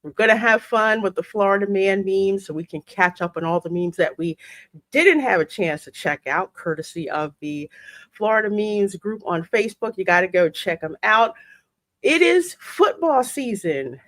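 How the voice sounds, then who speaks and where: A woman hosts a casual live-stream chat, her pitch swooping up and down as she talks. She laughs often and keeps the energy high. Her voice sounds close and dry, with no room echo. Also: moderate pace. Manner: lively, laughs often, Southern phrasing. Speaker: podcast host.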